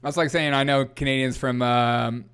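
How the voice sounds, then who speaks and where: A man's voice: medium pitch, steady tone, normal speed, fairly bright tone, smooth. A man hosting a casual comedy news livestream, rambling, laughing often and reading chat aloud. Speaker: host.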